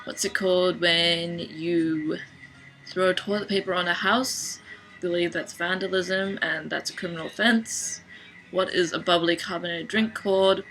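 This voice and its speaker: A young Australian woman talks to camera at home in a flat, deadpan way, with a dry wit. Her voice sits a little low for a woman but has a bright, sharp edge. Soft music plays faintly behind her. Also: measured pace, poor audio. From Sydney, Australia. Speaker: vlogger. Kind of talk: casual accent-challenge video.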